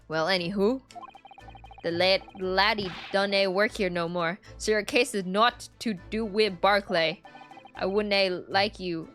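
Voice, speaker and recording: A woman's voice: medium pitch, steady tone, measured pace, a bit bright, faint music behind, natural voice. A woman voicing an evasive older male prison governor in a put-on Scottish brogue, with a broad, rolling, sly delivery. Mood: hearty.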